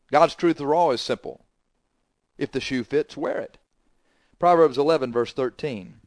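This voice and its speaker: A man's voice: medium pitch, moderate pace, pauses often, no echo, clean studio sound. A man preaching a sermon, hammering the congregation with confrontational rhetorical questions.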